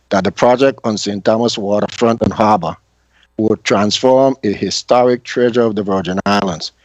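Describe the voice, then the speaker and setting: A man giving measured, formal prepared testimony before a legislative committee. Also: fairly low pitch, no echo. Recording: dull, dry lo-fi audio.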